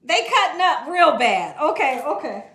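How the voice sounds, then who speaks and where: A woman's voice: high voice, sing-song, moderate pace, pushed and bright. A woman, chatting casually on a cooking livestream in her home kitchen, reading viewer comments aloud and laughing often. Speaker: cooking channel host.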